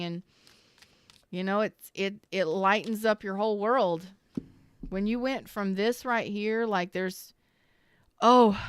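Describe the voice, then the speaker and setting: A woman's voice: mid-range voice, clean tone, dry recording. A woman giving a live-streamed tarot reading, talking in a rambling, candid and emotional way with casual swearing while close to tears. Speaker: tarot reader.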